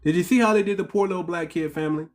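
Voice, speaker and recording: A channel host in an impassioned commentary monologue, with a voice of middling pitch. The delivery is heated and repetitive, full of emphatic restarts. The host keeps putting rhetorical questions to the viewers and calls them family. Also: rapid-fire.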